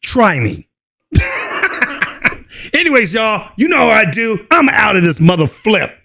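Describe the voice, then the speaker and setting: A man's voice: high-pitched, big pitch swings, unhurried, creaky, pushed and bright. A man hosting his own channel, delivering a mocking, scornful rant and laughing often. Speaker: channel host. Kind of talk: ranting commentary video.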